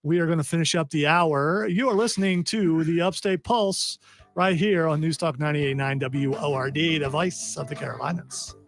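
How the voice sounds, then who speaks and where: A man's voice: on the high side, moderate pace, gravelly. A man hosting a radio talk show, joking and rambling while reading news items. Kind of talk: casual radio banter. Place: radio studio. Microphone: studio mic.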